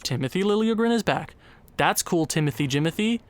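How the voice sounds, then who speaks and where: A young man commenting on his own gameplay, sighing and exasperated, his voice jumping high when frustrated. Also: expressive, brisk, dry recording. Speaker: gaming YouTuber.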